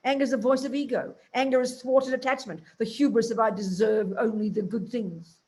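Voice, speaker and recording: A woman voicing a calm male Tibetan ex-monk who dismisses anger in a breezy, emphatic way. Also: very high voice, normal speed. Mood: breezy scornful.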